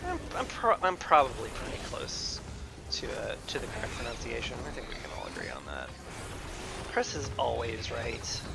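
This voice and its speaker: Gravelly, joking male game streamer. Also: mid-range voice, sing-song, normal speed, very noisy. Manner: joking, rambling, self-mocking. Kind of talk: casual gameplay commentary. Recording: game music behind.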